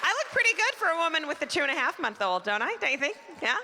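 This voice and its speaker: Fast-talking and very animated, this Canadian woman in her forties pitches her bright, forceful voice high during a self-mocking stand-up set in a theater. She's chatty and pokes fun at the audience. Long hall reverb and faint crowd noise come through the live recording.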